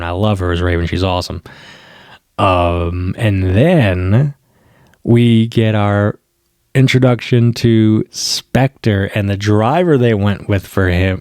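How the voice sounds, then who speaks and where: A man giving a casual spoken review of a TV episode, excited and rambling, with slang and swearing. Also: fairly low pitch, dry recording, clean studio sound.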